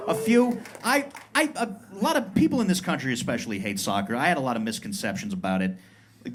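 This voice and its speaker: Animated man doing stand-up in a club. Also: mid-range voice, slight background noise. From Pueblo, Colorado. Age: 30s. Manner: animated, self-mocking, acts out brash tough-guy voices. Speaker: stand-up comedian. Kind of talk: stand-up comedy set. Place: comedy club stage.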